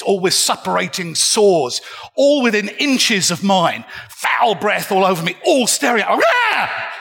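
A man's voice: high-pitched, vocal fry, bright, forceful tone. An older man telling a comic, self-mocking story live on a festival stage. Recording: reverberant hall.

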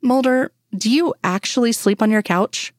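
A woman's voice: on the high side, moderate pace, no room sound, studio quality, voice pushed up, natural voice. A woman reading as an exasperated female agent. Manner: exasperated, pleading. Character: exasperated grown woman, sharp FBI doctor.

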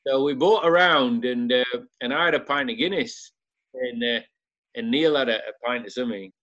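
A man's voice: medium pitch, normal speed, fairly bright tone. Man spinning a laughing anecdote, muffled. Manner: anecdotal, laughs while telling. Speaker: former football club director. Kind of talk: casual storytelling. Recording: dull lo-fi sound.

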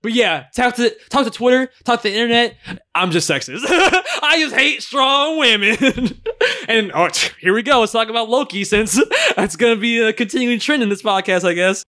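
A man hosting a podcast in casual chat, playful and animated, often laughing. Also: very high-pitched, brisk. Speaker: podcast host.

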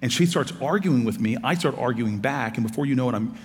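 A man telling a personal story to an audience, acting out the quoted dialogue with lively energy. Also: mid-range voice, fast, long reverb tail. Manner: animated anecdotal storytelling, acting out both sides of dialogue. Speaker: author and former city politician. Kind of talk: storytelling talk.

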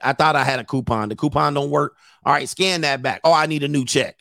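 A man's voice: on the high side, fast talker, creaky, sharp tone, dry recording, clean studio sound. A man hosting a casual livestream as a coach, joking crudely, laughing often and acting out other people as he tells stories. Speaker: host and dating coach.

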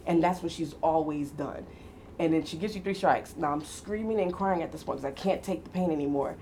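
A middle-aged woman chatting casually as a guest, telling animated stories, quoting people and laughing often. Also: low-pitched, brisk, slight background noise. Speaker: guest mother. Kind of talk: casual conversation.

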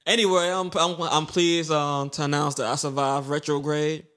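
Podcast co-host, young man, slangy and playful, fairly high-pitched. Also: normal speed. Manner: animated, joking, slangy. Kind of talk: casual chat.

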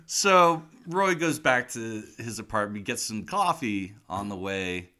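A man on a podcast, casually retelling a movie scene by scene and acting out the characters' lines in quick voices. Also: fairly low pitch, animated, pushed and bright. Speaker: podcast co-host. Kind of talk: casual movie recap chat.

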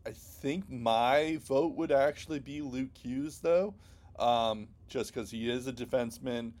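A man's voice: mid-range voice, measured pace, a little mellow. A man co-hosting a casual sports podcast, rambling with many ums and restarts. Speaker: podcast co-host.

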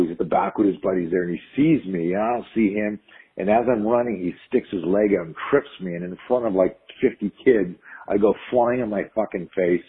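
A middle-aged man with a deep, very raspy voice tells stories from his years teaching self-defense. He speaks with energy, acting out what people said and often restarting his sentences. The recording sounds dull and lo-fi. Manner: animated, acts out quotes in stories, frequent restarts and swearing. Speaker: self-defense instructor, podcast guest. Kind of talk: conversational storytelling.

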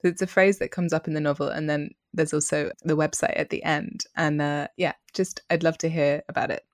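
An interviewer asking an author a follow-up question in a friendly, slightly halting way. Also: medium pitch, little pitch movement, no room sound, studio quality.

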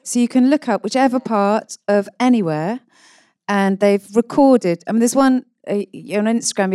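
A woman's voice: mid-range voice, dark tone, no room sound, clean studio sound. A woman guest on a live stage panel who talks with enthusiasm and a wry humour.

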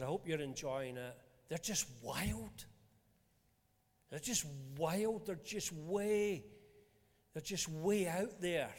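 Older man preaching in an echoing hall. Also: fairly high pitch. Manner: storytelling, animated and emphatic. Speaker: pastor. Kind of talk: sermon. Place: church hall. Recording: long reverb of a large hall.

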